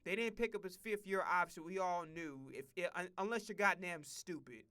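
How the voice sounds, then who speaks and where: A man streaming casual sports commentary, profane and rambling, with excitable outbursts. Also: high voice, moderate pace, smooth.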